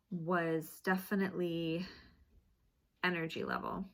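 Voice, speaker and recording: Slow, low-voiced woman vlogger. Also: a bit bright. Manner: chatty, laughs lightly between phrases. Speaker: author and vlogger. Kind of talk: casual vlog chat to camera.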